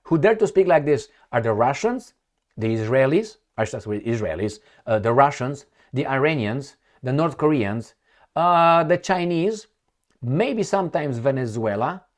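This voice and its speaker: A man's voice: medium pitch, lively intonation, measured pace. A man from Romania with a Romanian accent, giving sarcastic, scornful commentary while reading out news quotes. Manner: sarcastic and scornful, laughs at his own remarks. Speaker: political commentator.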